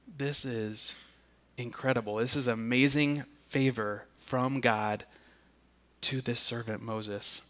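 Guy preaching a sermon real slow, steady middle pitch, repeats words on restarts. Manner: slow and deliberate, with emphatic restarts. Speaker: pastor.

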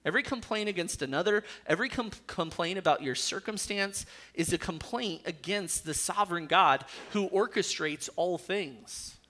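Male pastor, earnest sermon delivery with dry humor, high bright voice. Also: normal speed, few pauses. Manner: earnest preaching with dry jokes.

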